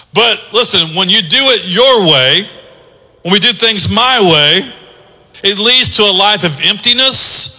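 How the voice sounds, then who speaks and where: A male pastor preaching in a church sanctuary, with a high, very bright, cutting voice. He moves from quiet teaching to loud, rising exhortation. A long hall reverb trails his words. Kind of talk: sermon.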